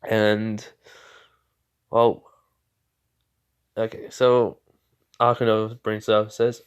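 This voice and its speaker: A man's voice: lowish voice, monotone, very slow, long pauses, clean tone. A man casually telling a made-up story off the cuff, rambling with lots of "like" and "you know". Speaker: fan fiction storyteller. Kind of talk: casual improvised story narration.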